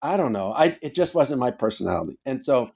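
In a casual podcast interview, an older man who served as a Coast Guard officer tells stories emphatically, swearing as he goes. His mid-range voice is sing-song and creaky with a darkish tone, delivered briskly.

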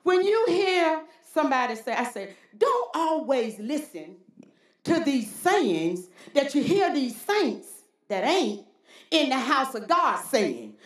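A woman's voice: sits high, reverberant. A woman pastor preaching a sermon, calling out to the congregation with repeated "Huh?" and folksy talk. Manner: call-and-response preaching with frequent "Huh?".

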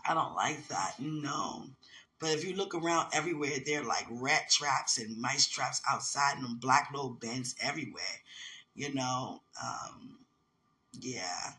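A man in ministry telling rambling personal stories in a casual, animated way. He laughs often and keeps asking "you understand?". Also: mid-range voice, a little slow.

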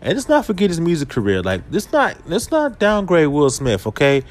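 A man hosting a podcast, ranting in a casual, comedic way, swinging his voice up and down. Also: brisk. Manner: animated, swings pitch and volume, drops to a low put-on voice at times. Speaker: podcast host.

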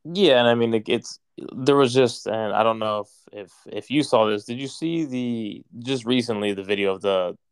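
A man's voice: medium pitch, moderate pace, hardly any pauses, clear, resonant tone, no echo. A young man telling a story in casual conversation, rambling and using "like" constantly. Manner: rambling, heavy use of "like".

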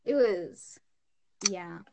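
A woman's voice: fairly low pitch, animated, drawn-out words, creaky, a crowd in the background. A teenage girl chatting casually on a podcast, telling a story full of giggles and bursts of laughter. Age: teens. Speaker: podcast co-host. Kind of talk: casual chat.

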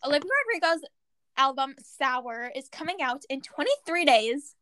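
A teenage girl in easy chat with friends, eagerly listing dates off her phone. Her voice sits high and stays bubbly. She sounds like a keen, chatty schoolgirl. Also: normal speed, background noise. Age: teens. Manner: bubbly, reads out countdowns. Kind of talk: casual chat among friends.

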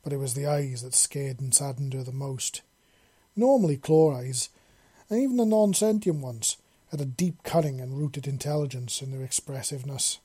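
A man's voice: medium pitch, moderate pace, warm tone, slightly rough, no room sound. A man reading a fan-fiction story aloud in plain narration, sometimes restarting a phrase. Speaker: story reader.

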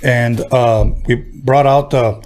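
A man hosts a loose podcast and keeps things playful. He cracks crude jokes and teases his guest. His voice is at a middle pitch. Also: steady tone, takes it slowly, a little mellow. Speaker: podcast host. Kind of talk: casual podcast hosting.

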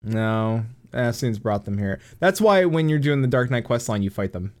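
Animated, swearing man streamer. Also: mid-range voice, normal speed. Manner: animated, laughs often, swears casually. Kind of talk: casual gaming chat.

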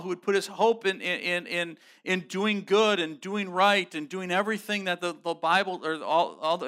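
A pastor preaching a sermon, earnest and emphatic, with casual slang and frequent restarts. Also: male voice, sits high, a bit bright. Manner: frequent restarts and repeated words.

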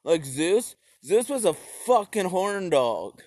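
A man's voice: high voice, big pitch swings, slow pace, darkish tone, slightly rough, dry recording, clean studio sound. A young man giving a rambling, profane comedic history rant, full of slips and restarts.

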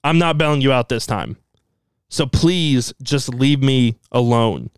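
A man's voice: medium pitch, expressive, measured pace, clean tone, no echo, clean studio sound, pitched below the performer's own voice, lightly acted. A man voicing a firm retired wrestling legend turning down a friend. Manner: firm, refusing.

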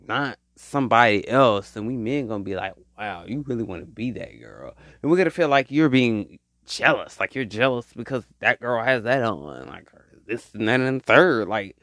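A man giving casual relationship advice to women in an animated, repetitive, rambling way, often mocking. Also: medium pitch, dry recording, studio quality.

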